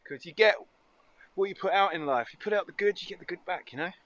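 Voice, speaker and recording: A man's voice: high-pitched, quick pace, fairly bright tone, highs cut off. A man chatting casually and cheerfully while cooking outdoors for a foraging vlog. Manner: chatty, upbeat, muses aloud. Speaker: foraging vlogger. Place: outdoors in nature.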